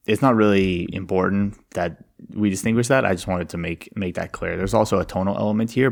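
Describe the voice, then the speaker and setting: A man's voice: low voice, gravelly. A man giving an explanatory lecture on classical verse, reading lines aloud and tapping out the meter syllable by syllable.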